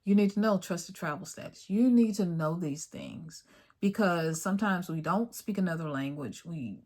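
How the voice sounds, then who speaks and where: A woman's voice: on the low side, moderate pace, a little mellow. A middle-aged woman hosts her own video and talks straight to her audience in a casual, emphatic way. She drives her points home by repeating them and calls her viewers y'all. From United States. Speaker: video host. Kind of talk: casual talk to camera.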